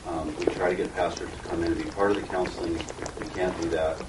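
A man on a workshop panel answering a question in a brisk, matter-of-fact way. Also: low voice, little pitch movement. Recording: roomy, distant, heavy noise.

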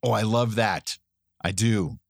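Chatty man with a low, dry voice. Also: takes it slowly, vocal fry, dry recording. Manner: chatty, rambling, laughs often. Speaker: podcast co-host. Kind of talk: casual chat.

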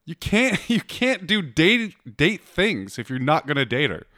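Man, casual co-host, blunt and teasing, animated delivery, dry close sound. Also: a little high, a little slow, dry recording. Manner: blunt, teasing, laughs often, swears freely. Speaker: co-host giving dating advice. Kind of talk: casual chat.

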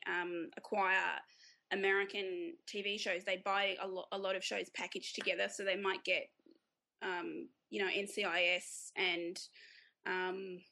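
An Australian woman in easy interview chat, her voice bright with a gravelly edge. She laughs often and restarts her sentences as she talks about her work. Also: mid-range voice. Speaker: guest author.

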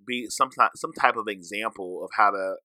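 A man's voice: on the low side, moderate pace, pushed and bright, no room sound. A man co-hosting a podcast, talking in a laid-back, reflective way and swearing casually. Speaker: podcast co-host. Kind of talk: casual chat.

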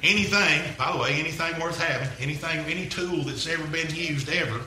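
A man's voice: a little high, fairly quick, pushed and bright, echoey room, rough recording. A man preaching a rambling, folksy story-sermon, repeating himself as he goes.

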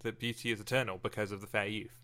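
A man co-hosting a casual, animated chat about poetry. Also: on the low side, fast talker.

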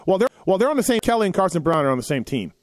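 A man's voice: high-pitched, sing-song, racing, no room sound. A man hosting a casual racing podcast, rambling and correcting himself as he reads off results. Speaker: podcast host running through race results. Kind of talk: casual chat.

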